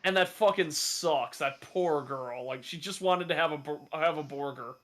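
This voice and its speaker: A man chatting casually on a podcast, excitable and swearing, often laughing. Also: a little high, normal speed. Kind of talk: casual chat.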